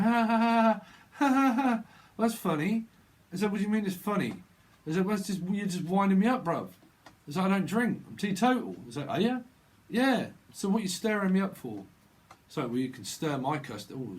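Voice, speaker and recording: A man with a British accent giving a rambling, free-associating tarot reading, laughing often and dropping into silly voices. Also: medium pitch. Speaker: tarot reader.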